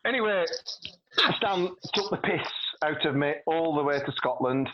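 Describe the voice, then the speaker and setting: A middle-aged man, a guest on a podcast, rambles through a sweary anecdote and laughs along the way in a casual chat. His voice is a little high and animated at a moderate pace, with the highs cut off and crowd noise behind him.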